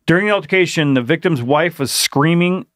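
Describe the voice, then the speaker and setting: A man's voice: fairly high pitch, fairly quick, fairly bright tone, no room sound, clean studio sound. A man co-hosting a comedy podcast, reading a news story aloud in pieces and breaking off to joke and laugh. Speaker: podcast co-host. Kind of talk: casual comedic chat, reading news stories.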